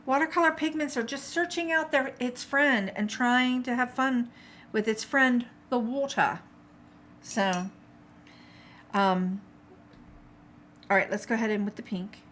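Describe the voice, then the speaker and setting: A woman's voice: a little high, a little slow, long pauses, fairly bright tone, a little hiss or hum. A middle-aged woman teaching a live watercolor paint-along, chatty and encouraging, reading out viewer comments as she paints. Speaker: art instructor.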